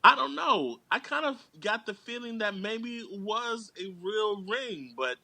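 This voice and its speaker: A man talking through a film's plot in a casual chat, telling it with animated, character-quoting energy. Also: high-pitched, unhurried, vocal fry, dry recording. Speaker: guest actor and writer. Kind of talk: casual movie review chat.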